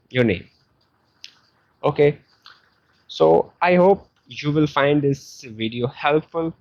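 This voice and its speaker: A man with a South Asian English accent teaching a beginner language lesson, explaining slowly and patiently with many fillers. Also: medium pitch, a little mellow, dry recording. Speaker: Chinese teacher. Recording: dull lo-fi sound.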